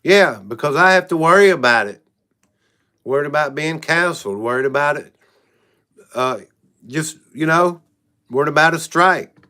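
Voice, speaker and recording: A man's voice: a little high, animated, normal speed, pauses often, bright, forceful tone. A man hosting a casual livestream. He rambles frankly and keeps saying "y'all". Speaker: channel host.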